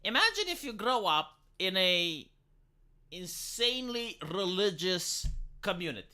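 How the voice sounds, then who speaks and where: A man's voice: sits high, very animated, a little slow, pushed and bright, smooth. A man, a live streamer rambling through an opinionated, sarcastic late-night rant, swearing casually as he goes.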